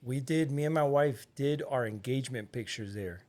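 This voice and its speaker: A man's voice: medium pitch, normal speed, a little mellow. A man hosting a casual interview, joking often and breaking in with Spanish slang. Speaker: podcast host.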